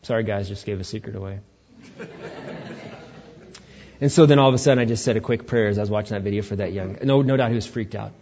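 A man's voice: on the low side, racing, a little mellow, slight background noise. A male pastor giving a conversational sermon to his church, with joking asides to the congregation. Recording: dull lo-fi recording.

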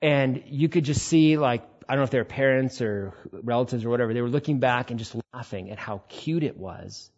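A male pastor giving a conversational sermon, acting out quotes in sudden high bursts, with a husky voice. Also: a little fast, hardly any pauses, darkish tone, dull audio.

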